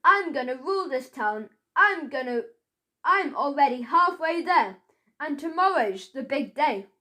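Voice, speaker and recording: A woman's voice: high-pitched, expressive, a little slow, bright, forceful tone, exaggerated voice. A woman voicing a greedy, nasty old man in a children's audiobook, gloating and coarse. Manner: gloating, roaring and laughing, coarse ungrammatical speech. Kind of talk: storybook character voice.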